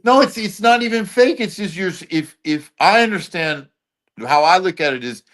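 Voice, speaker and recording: A man's voice: high voice, animated, moderate pace, fairly bright tone. A man being interviewed as a guest, talking in blunt, loose street slang full of swearing. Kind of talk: casual chat.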